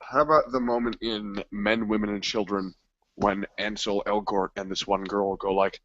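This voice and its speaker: A man in casual movie chat, crude and joking, acting out scenes in quick voices. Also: on the low side, fairly even intonation, fairly bright tone. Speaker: co-host. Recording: dull lo-fi recording.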